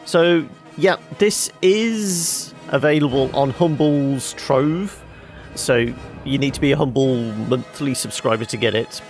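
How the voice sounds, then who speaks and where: A man's voice: mid-range voice, slow pace. A man hosting a casual let's play video, chatting and wrapping up with asides. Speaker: game video host. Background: game music.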